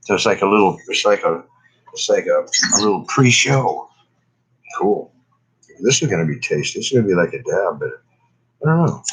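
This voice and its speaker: A man's voice: low voice, big pitch swings, moderate pace, pauses often, slightly rough, low-quality recording. A stoned man, coughing often, rambling in a laid-back, profane way during a casual cannabis vlog session. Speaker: cannabis vlogger. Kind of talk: casual smoking session chat.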